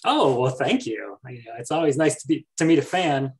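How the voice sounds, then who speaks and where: A man's voice: mid-range voice, lively intonation, fairly quick, a little mellow. A man playing in a tabletop mystery game, speaking in an easygoing way. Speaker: player. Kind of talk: casual chat in a tabletop game.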